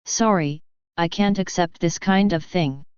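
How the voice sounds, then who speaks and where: A woman's voice: on the low side, unhurried, darkish tone, clear, resonant tone, dry recording, highs cut off, lightly acted. A woman voicing a shy, earnest young woman in love who speaks in a troubled, sincere way in an audiobook.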